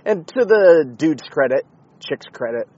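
Husky man ranting profanely in a car. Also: fairly high pitch, animated, unhurried, darkish tone, highs cut off. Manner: profane, rambling, heated. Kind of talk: casual ranting monologue. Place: inside a car.

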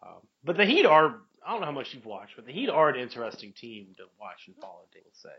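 A man's voice: mid-range voice, sing-song, fast, muffled recording. A man co-hosting a casual sports chat, rambling and joking as he corrects himself mid-sentence. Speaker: podcast co-host.

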